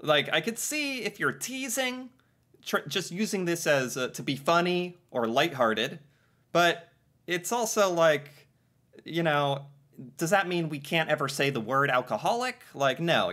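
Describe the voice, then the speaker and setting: A man in easygoing conversation, his pitch swinging widely as he reacts and muses. His voice is bright and forward, and he laughs often and talks through his thoughts. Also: unhurried. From United States. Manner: animated, laughs often, thinks aloud. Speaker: co-host. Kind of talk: casual chat about slang.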